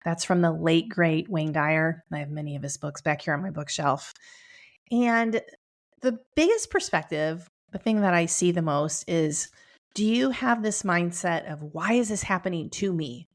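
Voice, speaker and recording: A middle-aged woman hosts a wellness talk from her home, upbeat and chatty, often breaking into a laugh. Her voice sits a little low, with a gravelly fry at the ends of phrases. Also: animated, measured pace. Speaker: podcast host. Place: home room with bookshelf.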